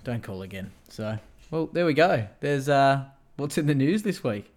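A man's voice: mid-range voice, lively intonation, moderate pace, a little mellow. A young Australian man co-hosting a casual podcast, joking and laughing often. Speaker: podcast co-host. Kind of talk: casual chat.

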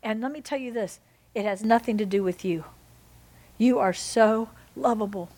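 A woman pastor preaching a sermon, swinging between loud exhortation and soft, intimate lines. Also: fairly high pitch, moderate pace.

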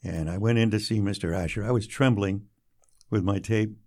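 An older man, a radio broadcaster recalling his early career in an unhurried, anecdotal interview manner. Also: fairly low pitch. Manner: warm anecdotal storytelling, drops quietly for quoted lines. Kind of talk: storytelling interview.

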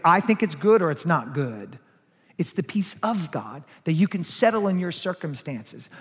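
A man preaching a sermon as pastor, emphatic, rising and falling in force. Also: high voice. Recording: long hall reverb.

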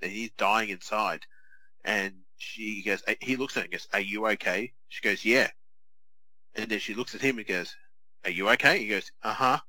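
A man, co-hosting a podcast and telling stories in a chatty, animated way full of restarts. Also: fairly low pitch, rough recording. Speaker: podcast co-host. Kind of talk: casual chat.

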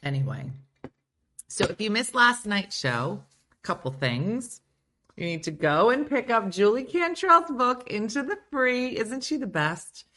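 Giggly chatty woman host, lively pitch. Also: unhurried. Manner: giggly, chatty, breaks into playful put-on voices. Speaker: show host. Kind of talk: casual live chat reading viewer comments.

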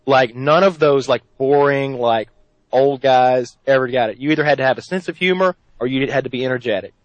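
A man's voice: mid-range voice, brisk, no room sound, lo-fi sound. A man hosting a podcast in casual chat, joking and rambling with his co-hosts. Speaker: podcast host.

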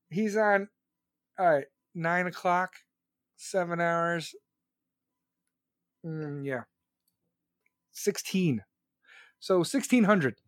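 Clean studio sound with no room echo carries a high-pitched man hosting a podcast. He's an American adult, still working, who jokes crudely and swears while rambling about the live chat.

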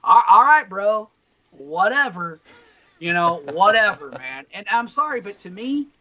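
A man co-hosting a casual podcast, talking bluntly and swearing a lot as he tells a story with animated energy. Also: sits high, a little slow. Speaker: podcast co-host. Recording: slightly dull lo-fi sound.

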